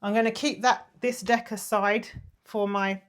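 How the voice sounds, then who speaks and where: A woman talks through a tarot reading in a loose, spontaneous way. She is chatty and apologetic, and her voice sits in a middle range. She often drops into soft murmurs and breathy sighs. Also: mid-range voice, fairly even intonation, measured pace. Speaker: tarot reader.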